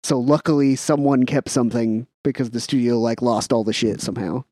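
A man co-hosting a casual film podcast, chatting and reading trivia aloud in a relaxed way. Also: mid-range voice, fairly quick, no echo, clean studio sound. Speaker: podcast co-host.

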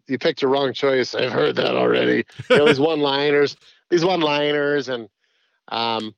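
A man's voice: mid-range voice, gravelly, no room sound, lo-fi sound. A man chatting as a podcast guest, rambling with many restarts. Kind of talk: casual podcast chat.

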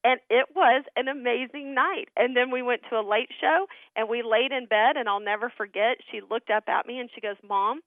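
A woman's voice: fairly high pitch, a little fast, hardly any pauses, no echo. Earnest woman on a tinny phone line. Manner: earnest, animated storytelling. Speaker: guest, ministry founder. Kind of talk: storytelling in a radio interview.

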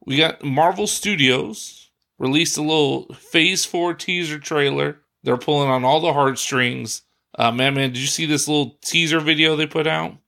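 Male podcast co-host, gravelly and bright, loose rambling delivery. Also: on the high side, moderate pace. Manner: rambling, laid-back, laughs often. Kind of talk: casual chat.

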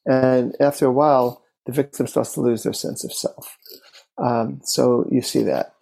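A man who works as a therapist, recounting a case as an interview guest in an unhurried, thoughtful way, speaking in short phrases. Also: mid-range voice, fairly even intonation, gravelly, dark tone, low-quality recording. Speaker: therapist and relationship expert.

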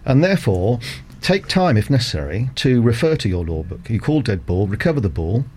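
A middle-aged man, a cricket umpire guest on a radio interview, explaining rules in a measured, methodical way with frequent ums and uhs. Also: on the low side, sing-song, darkish tone, husky.

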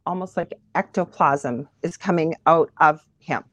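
A Canadian woman, a medium appearing as an interview guest, speaks a little low and a little slowly, with a somewhat bright tone. The recording is dry and close with no echo. She retells her story vividly and with animation, as if reliving it.

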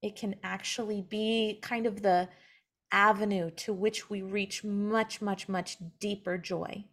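A woman's voice: medium pitch, takes it slowly. A young woman speaking earnestly as a guest in a casual conversation about faith, sometimes acting out what other people say. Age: young adult. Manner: earnest, animated when quoting others. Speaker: guest, mother sharing her story.

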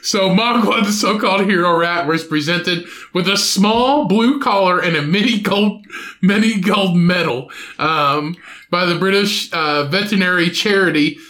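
A man's voice: high voice, measured pace, sharp tone, roomy sound. A man co-hosting a podcast, reading out news stories with profane, laughing banter. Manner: profane, laughing, riffs on absurd ideas. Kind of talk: crude casual podcast banter.

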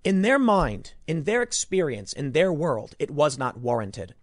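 Man from Chicago, solo commentator, emphatic and rambling, lively pitch, dry close sound. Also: a little slow, no room sound. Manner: emphatic, rambling, repeats words. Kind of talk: opinionated news commentary monologue.

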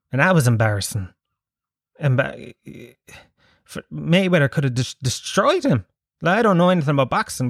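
A man's voice: mid-range voice, no room sound, clean studio sound. Profane, rambling Irishman. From Ireland. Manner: profane, joking, rambling banter. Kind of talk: casual monologue.

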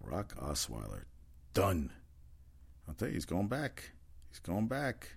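A man's voice: low-pitched, huge pitch swings, slow pace, vocal fry, slightly rough. A man giving a casual, rambling solo rundown of sports news, opinionated and full of fillers and restarts. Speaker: sports talk host.

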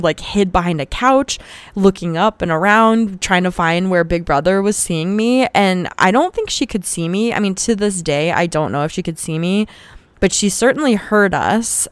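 A woman's voice: lowish voice, clean tone, no room sound. A woman hosting a podcast who tells a personal story in a candid, casual way and swears freely. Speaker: podcast host.

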